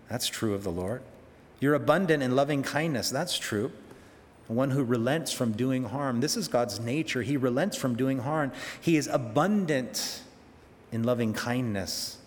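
A man preaching a sermon, animated, acting out quoted prayers with sudden leaps in pitch. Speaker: pastor. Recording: long hall reverb.

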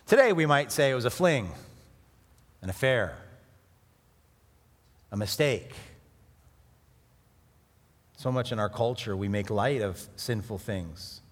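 A middle-aged man preaching a sermon in a conversational, animated way, with sudden emphatic rises. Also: on the low side, unhurried, pauses often. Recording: hall reverb.

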